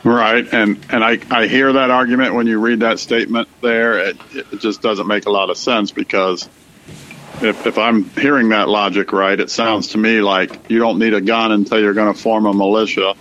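A man co-hosting a casual political talk show, speaking in a measured, conversational way with fillers. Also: fairly low pitch, little pitch movement, a bit bright, highs cut off, slight background noise. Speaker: podcast co-host.

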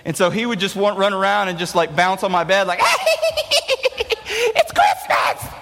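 A young man giving a youth talk, spinning an animated, jokey story to an audience in a large hall. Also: high voice, quick pace. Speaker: youth speaker. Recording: echoey hall reverb.

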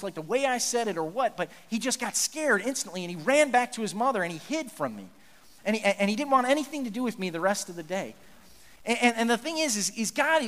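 A man's voice: high-pitched, a bit bright, big-room sound. A male pastor giving an earnest, conversational sermon, often restarting his sentences.

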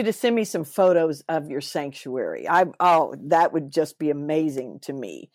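A woman hosting a podcast interview, bubbly and expressive, her voice swooping up when she gets excited. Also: low voice, normal speed, few pauses, no room sound, clean studio sound. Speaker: podcast host.

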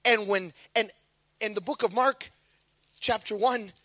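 Bright, lively high-voiced preacher. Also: male voice, unhurried, no room sound. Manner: animated storytelling with acted voices. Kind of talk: sermon.

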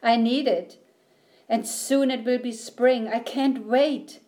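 A woman voicing a kind, gentle female talking tree in a storybook, sounding patient and reassuring. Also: a little high, steady tone, takes it slowly, voice pushed up. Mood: cheerful.

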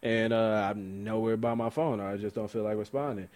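Animated young man, casual sports chat. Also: on the low side, normal speed. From Sacramento. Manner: animated, laughing, restarts often. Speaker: podcast co-host.

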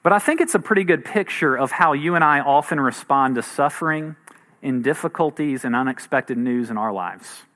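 A pastor in his thirties preaches a sermon in a conversational, earnest style, breaking into light laughs. His voice is medium-pitched and fairly bright, at a normal speed.

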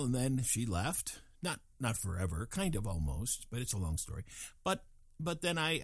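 A man's voice: mid-range voice, dry recording, clean studio sound. A man in his sixties from Louisiana tells a long, digressive story to a group, with self-mocking asides. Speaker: speaker telling a story to a group. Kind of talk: casual storytelling.

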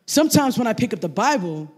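A man's voice: high-pitched, fast talker, breathy edge. A man in his thirties preaching a sermon to a congregation in a casual, conversational way. He keeps tagging "right?" onto his points and gets the crowd to repeat phrases back to him. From Samoan family background. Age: 30s. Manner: animated storyteller, asks the crowd to repeat phrases. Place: church service in front of a congregation.

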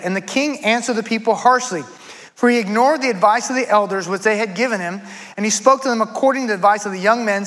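Guy preaching a sermon, really high voice, bright and punchy, chatty retelling of scripture. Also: poor audio. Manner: conversational, retells scripture in casual speech. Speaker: pastor.

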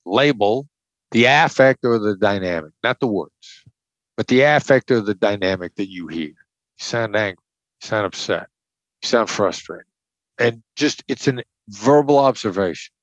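A medium-pitched, expressive male voice, muffled but free of echo, moves at normal speed. He is an older man from the Midwest and an ex-hostage negotiator, explaining his techniques conversationally in an interview, bluntly and emphatically, with key points repeated.

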